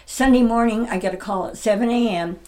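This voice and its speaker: A woman's voice: on the high side, fairly quick, a little mellow. An older woman in her seventies, reminiscing about her stage roles in a casual interview, chatty and often laughing. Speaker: interviewee, retired stage actress.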